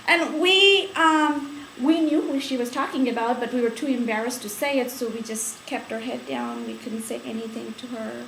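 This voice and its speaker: A woman's voice: on the high side, lively intonation, normal speed, few pauses, a bit bright, roomy sound, a little hiss or hum, poor audio. Chatty woman telling stories. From India. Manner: chatty, laughing storyteller with many fillers. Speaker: interviewee. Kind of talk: oral history storytelling.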